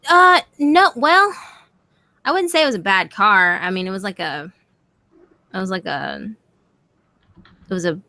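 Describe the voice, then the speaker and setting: A young woman telling a scary story to her stream in a casual, animated way, swearing freely. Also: medium pitch, measured pace, pauses often, no room sound. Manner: animated, swearing, quotes friends in voices.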